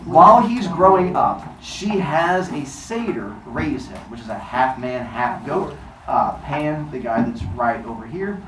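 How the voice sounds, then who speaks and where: Animated, jokey male storyteller for a class, lively pitch, echoey room. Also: a little slow, far from the mic, noisy background. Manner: animated, jokey, quizzes listeners. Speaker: storytelling teacher.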